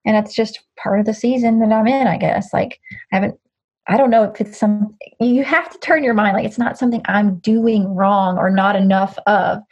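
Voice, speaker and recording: A woman's voice: medium pitch, fairly even intonation, moderate pace, darkish tone, slightly rough, lo-fi sound. A woman speaking as an interview guest in a casual, candid chat, rambling with frequent restarts. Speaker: guest, social media creator.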